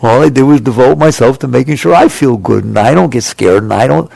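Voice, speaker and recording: An older man gives a spiritual talk to an audience in an easygoing, conversational way, often turning to his listeners with questions. His voice has a gravelly edge, and the sound is close and dry, with almost no room around it. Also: medium pitch, a little fast, a little mellow, no echo, low-quality recording. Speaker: spiritual teacher.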